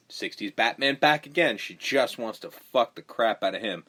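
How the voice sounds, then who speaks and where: A man's voice: mid-range voice, normal speed. A man co-hosting a podcast, chatting casually about a film, swearing freely and acting out its lines. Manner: animated, profane, acts out movie lines. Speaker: podcast co-host. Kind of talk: casual movie-review chat.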